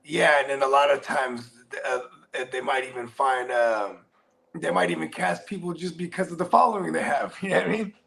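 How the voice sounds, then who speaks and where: Gravelly-voiced man chiming in. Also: fairly high pitch, lively intonation, normal speed, bright, forceful tone. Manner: laid-back, chiming in agreement. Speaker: podcast co-host. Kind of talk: casual chat.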